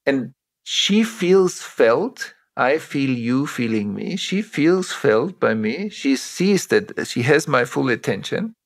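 Middle-aged guy, mid voice, slow thoughtful explaining, podcast guest vibe. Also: mid-range voice, sing-song. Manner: measured, explanatory, uses personal examples. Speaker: interview guest, trauma teacher. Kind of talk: reflective interview talk.

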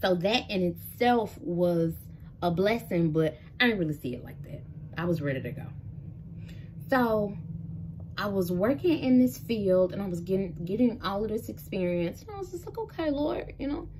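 A woman's voice: lowish voice, lively intonation, normal speed, a little mellow, a little hiss or hum. A woman in her thirties, talking casually and directly to her viewers as she shares a personal faith story. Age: 30s. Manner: casual and chatty, talks straight to viewers as "y'all". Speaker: vlogger. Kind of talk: personal testimony vlog. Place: Memphis.

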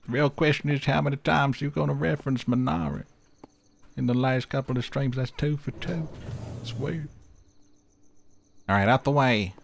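A man's voice: mid-range voice, animated, normal speed, gravelly, pauses often, a little hiss or hum. A man giving casual, jokey commentary while playing a game and trying out silly voices and accents. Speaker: gaming host.

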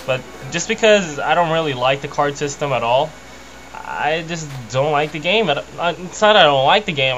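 Rambling young man joking over game music. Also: low-quality recording. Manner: rambling, jokey, mocks characters in squeaky put-on voices. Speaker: let's play commentator. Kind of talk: casual gameplay commentary.

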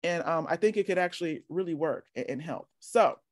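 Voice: medium pitch, expressive, a little fast, dry recording, clean studio sound. A workshop leader teaching casually over a video call, chatty and encouraging, often asking "right?".

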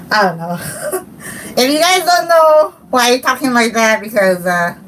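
A woman's voice: on the high side, animated, takes it slowly, fairly bright tone, slight background noise, low-quality recording. A young woman, hosting a casual livestream and chatting in a giggly, scattered, playful way. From Hawaii. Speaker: livestream host.

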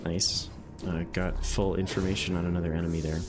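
A man's voice: sits low, level tone, fairly quick. A young man from the northeastern United States streaming a video game, chatting in a rambling, easygoing way full of "um"s and "like"s. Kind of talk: casual live-stream commentary while gaming. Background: game music.

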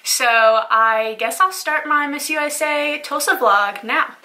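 Excitable young woman vlogging, high bright voice, loud crowd noise all around. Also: slow pace. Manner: bubbly, gushing, excitable. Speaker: pageant titleholder vlogger. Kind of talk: casual vlog to camera. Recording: noisy event with chattering crowd.

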